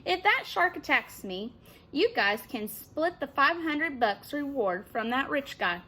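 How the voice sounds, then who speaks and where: A woman's voice: high-pitched, sing-song, measured pace, pushed and bright, full character voice. A woman voicing a cocky boy who mocks his friend's warnings. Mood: mocking. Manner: mocking, playful taunts. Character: cocky teasing boy, show-off.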